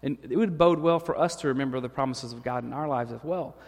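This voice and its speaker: A man's voice: mid-range voice, quick pace. A man preaching a sermon in a loose, conversational way, often restarting phrases as he works through the text. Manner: conversational preaching with frequent restarts and dramatized paraphrases. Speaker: pastor. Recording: long hall reverb.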